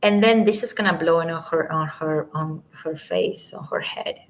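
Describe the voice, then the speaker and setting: A woman hosting a late-night live stream from home, alone, rambles through casual commentary, addressing viewers and letting her words trail off softly. She speaks at normal speed in a low voice; the camera-mic recording is rough, with slight background noise.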